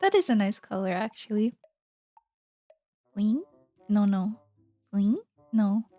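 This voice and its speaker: A woman's voice: mid-range voice, big pitch swings, brisk, warm tone, no room sound, soft background music. A woman streamer in casual, playful chat with her viewers, giggling often.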